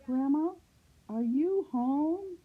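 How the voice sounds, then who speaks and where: A woman's voice: high voice, expressive, very slow, pitched above the performer's own voice, exaggerated voice. A woman voicing a sweet, naive little girl in a red hood, speaking eagerly and politely. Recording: phone-like lo-fi sound.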